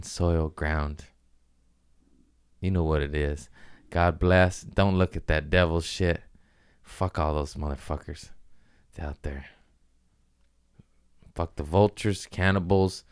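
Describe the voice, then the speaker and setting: A man hosting his own podcast in a casual, rambling comedic monologue, swearing freely and slipping into quick mock voices. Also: low voice, smooth, no room sound, studio quality. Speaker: podcast host.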